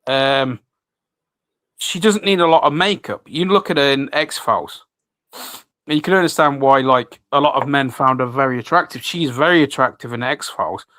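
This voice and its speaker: A man's voice: medium pitch, moderate pace, sharp tone, no room sound. A man hosting a casual radio chat, rambling with many restarts and fillers. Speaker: host.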